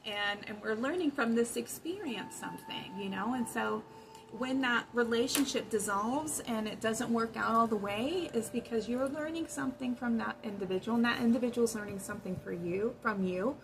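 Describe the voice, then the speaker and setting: A woman's voice: fairly high pitch, normal speed, background noise. A woman hosting a spiritual wellness channel, giving casual advice in an earnest, chatty way with many fillers. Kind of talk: casual spoken advice monologue.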